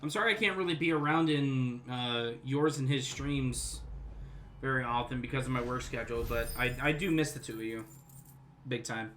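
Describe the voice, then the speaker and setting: A man streaming a video game, giving excitable casual commentary and chatting with his viewers. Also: medium pitch, normal speed, slight background noise. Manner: excitable, talks to chat viewers.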